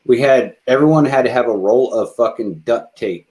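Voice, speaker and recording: A man, an army veteran, hosting a casual podcast chat in a relaxed, profane way with halting restarts. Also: mid-range voice.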